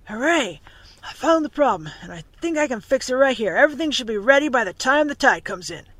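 A reader voicing a cheerful, eager ship mechanic in a storybook reading. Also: male voice, very high voice, sing-song, fairly quick, sharp tone, no room sound, voice pushed up, full character voice. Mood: excited. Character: excited young ship mechanic.

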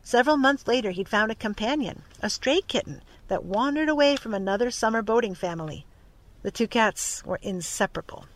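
A narrator reading a storybook aloud in a steady, clear manner. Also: medium pitch.

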